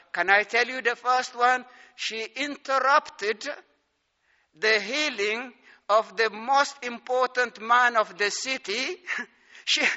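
A male preacher delivers a sermon in a high, very bright voice, pacing his words slowly and stressing each point. His voice rings through a big reverberant hall, and the recording sounds somewhat dull. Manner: slow, emphatic preaching with scripture readings.

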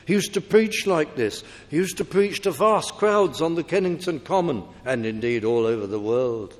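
A man preaching a sermon slowly and emphatically, his voice climbing on appeals and questions. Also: on the high side, lively intonation. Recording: long hall reverb.

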